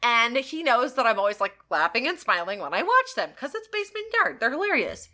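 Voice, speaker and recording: A woman's voice: a little high, sing-song, brisk, pushed and bright. A woman co-hosting a podcast, telling a story in casual chat and laughing often. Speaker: podcast co-host.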